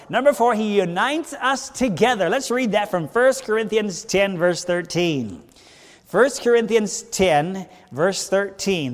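A male pastor preaching a Bible study sermon, asking the congregation questions and answering them himself, with big swings between loud and soft. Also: high-pitched. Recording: long hall reverb.

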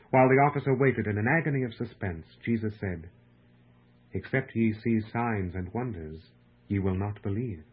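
Man reading a devotional book slow and reverent, husky voice, sounds tinny like a phone. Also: medium pitch. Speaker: narrator.

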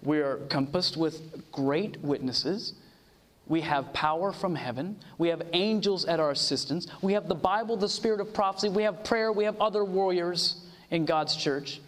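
A man's voice: high-pitched, normal speed, big-room sound. A man preaching an earnest sermon to young people, quoting scripture and calling for amens.

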